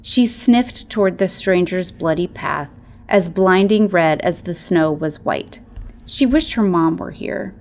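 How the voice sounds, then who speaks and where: A woman narrating a storybook tale in a measured, soft-spoken way. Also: fairly low pitch, animated.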